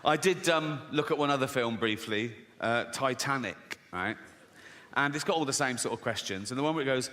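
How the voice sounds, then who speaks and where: A man's voice: mid-range voice, moderate pace. A British man doing a stand-up comedy routine, sardonic and sweary with mocking asides. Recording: echoey venue with loud laughter. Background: audience laughter.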